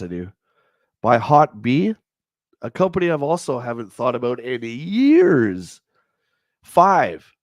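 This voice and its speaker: Nasal, congested male host, chatty and jokey, reads reviews then wanders off-script; dry close mic, mid-pitched. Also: a little mellow, no echo. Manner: rambling, jokey, reads then riffs on the text. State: stuffed-up nasal voice. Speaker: livestream host reading an old gaming magazine. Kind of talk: casual chat, reading reviews aloud.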